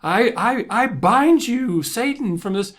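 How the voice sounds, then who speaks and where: A fervent pastor in the middle of rebuking a demon, declaiming loudly and slowly. The voice is strained high, far above a man's normal register, as a man acts him out within a story. He stutters as he gets worked up. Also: expressive, exaggerated voice.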